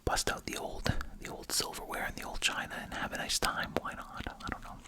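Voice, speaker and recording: An ASMR host whispering a chatty, wry commentary while chewing gum, full of asides and rhetorical questions. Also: a little fast.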